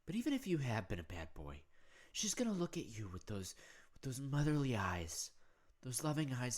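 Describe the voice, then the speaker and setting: A man's voice: mid-range voice, very animated, moderate pace. A man hosting a mock-spiritual comedy monologue, rambling earnestly with stammering restarts and repeated words. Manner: earnest, solemn delivery of absurd ideas. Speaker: host.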